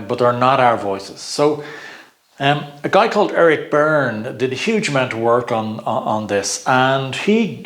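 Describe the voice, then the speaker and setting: Chatty middle-aged man teaching. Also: mid-range voice. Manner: chatty, laughs often, repeats words while searching. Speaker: personal growth coach. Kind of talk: informal teaching talk.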